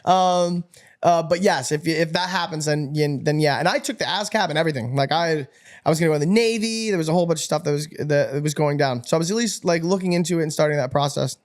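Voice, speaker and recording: Young male guest, rapid-fire and pumped up, higher-pitched voice, casual storyteller from upstate New York. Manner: energetic, animated, swears and laughs often. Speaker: podcast guest.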